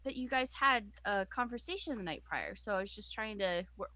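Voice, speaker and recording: A woman playing a tabletop game, questioning a suspect in character with chatty, halting phrasing. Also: medium pitch, lively intonation, background noise. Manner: chatty, hesitant restarts. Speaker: player.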